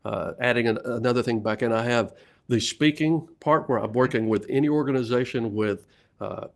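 A middle-aged man with a Southern US accent tells sales stories in a relaxed interview. He laughs often and restarts his sentences as he talks. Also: medium pitch, moderate pace, gravelly. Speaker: sales leadership coach and guest. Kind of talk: casual storytelling interview.

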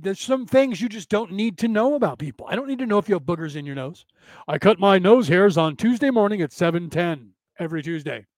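A man with a high-sitting voice, recorded with no room sound, hosts a podcast class as a casual lecture-style monologue. He rambles sarcastically with profanity and acts out quoted exchanges.

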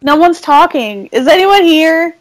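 A woman's voice: very high voice, expressive, a little slow, no echo. A woman co-hosting a podcast, chatting on a call in a giggly, self-conscious way. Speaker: podcast co-host. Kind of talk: casual chat on a call.

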